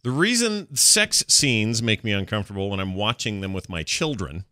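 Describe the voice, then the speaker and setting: A man's voice: lowish voice, lively intonation, moderate pace, bright, forceful tone, dry recording, studio quality. A middle-aged man chatting casually as a podcast co-host, rambling with many restarts. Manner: rambling, restarts, laughs a lot. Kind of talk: casual chat.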